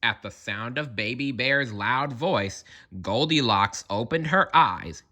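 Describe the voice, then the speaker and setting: A man's voice: mid-range voice, expressive, takes it slowly, pushed and bright. Playful man reading a children's story. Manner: playful, addresses listener directly. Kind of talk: children's read-aloud narration.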